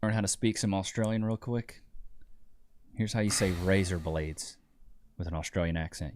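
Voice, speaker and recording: Low-voiced sarcastic male streamer. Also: steady tone, normal speed, darkish tone. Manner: sarcastic, mocking. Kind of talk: joking commentary to chat.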